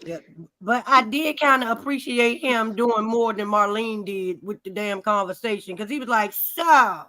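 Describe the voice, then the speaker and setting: Bright, blunt woman swearing freely. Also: fairly high pitch, normal speed, no room sound, poor audio. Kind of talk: casual chat.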